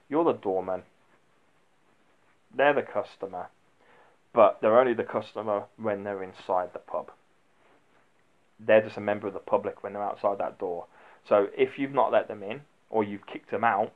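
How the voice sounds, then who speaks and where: A middle-aged man talks bluntly and rambles as he hands out advice on working the door, with plenty of fillers and restarts. His voice sits on the low side. The recording is slightly dull and lo-fi. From United Kingdom. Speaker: former nightclub doorman giving advice. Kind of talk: casual instructional vlog.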